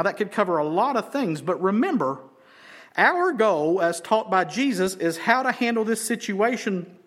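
A man preaching an expository sermon, emphatic and repeating phrases for stress, slowing down on key words. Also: high voice, a bit bright. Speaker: pastor.

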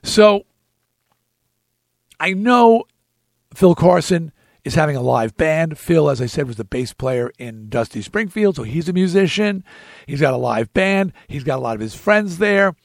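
Gravelly, lively male storyteller. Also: on the high side, unhurried, no room sound, studio quality. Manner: animated, emphatic storyteller. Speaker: podcast host. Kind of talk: storytelling chat.

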